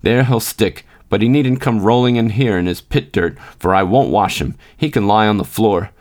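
A man with a low voice reading the part of a bitter, scolding miner's wife. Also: normal speed, a little mellow, close to an everyday voice. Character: bitter weary miner's wife, grown woman.

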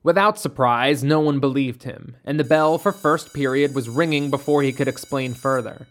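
A narrator reading a ghost story in a measured, steady way. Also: mid-range voice.

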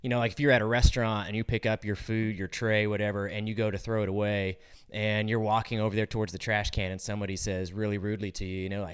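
A man, a youth sports coach, answering parents' questions in a relaxed, casual way and often checking in with "you know" and "right?". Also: lowish voice, quick pace, smooth. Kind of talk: casual advice talk.

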